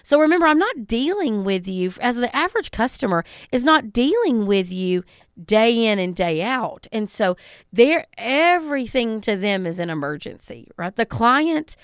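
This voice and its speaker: Brief talkative woman, smooth voice. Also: on the high side, sing-song, normal speed, dry recording, clean studio sound. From Southern United States. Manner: conversational, emphatic, acts out callers. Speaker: podcast host. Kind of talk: solo podcast talk.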